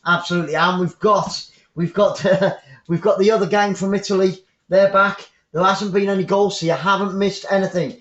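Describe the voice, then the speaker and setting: A man's voice: sits high, fairly even intonation, normal speed, fairly bright tone. An English man giving chatty live football commentary for an online stream, repeating his phrases and rambling into asides. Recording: roomy, dull lo-fi sound.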